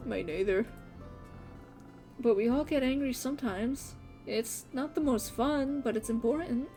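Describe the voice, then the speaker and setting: A woman voicing a gentle, wise innkeeper who gives encouraging advice. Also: a little high, measured pace, soft background music. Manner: warm, encouraging counsel. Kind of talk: fan voice acting of a game.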